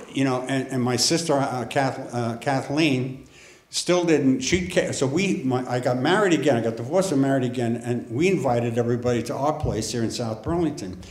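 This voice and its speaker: A middle-aged man telling a personal story on stage in a wry, conversational way, with deadpan asides. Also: mid-range voice. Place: theater stage. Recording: echoey theater room with faint ambience.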